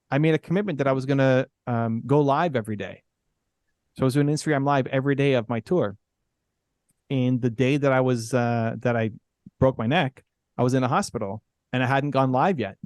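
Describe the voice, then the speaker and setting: A man's voice: mid-range voice, normal speed, darkish tone, no echo, clean studio sound. A middle-aged man, a podcast guest, telling a candid personal story in an earnest way, full of "like" and "right?".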